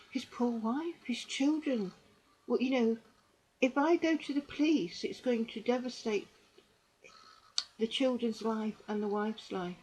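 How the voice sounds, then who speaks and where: A middle-aged woman gives earnest personal testimony to camera, halting and repeating herself. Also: fairly high pitch, rough recording. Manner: halting and repetitive, with restarts; earnest and emotional, with bitter dark humour. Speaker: survivor giving testimony.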